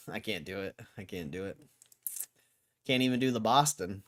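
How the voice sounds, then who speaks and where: Young male stream host, low-ish voice, relaxed and wry, reading news in casual chat. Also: moderate pace, pauses often. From Connecticut, USA. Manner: laid-back, wry, offhand remarks. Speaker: livestream host.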